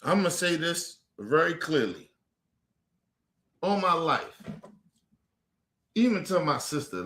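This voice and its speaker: A man's voice: fairly high pitch, sing-song, slow pace, pauses often, bright, forceful tone, echoey room. A man streaming a heated, profane rant, repeating himself over and over to his viewers. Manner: profane and repetitive, talking to the viewers.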